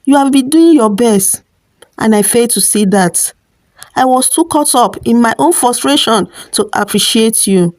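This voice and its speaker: A woman doing a quiet remorseful husband. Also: a little high, expressive, close to an everyday voice. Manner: quiet, slow and soft.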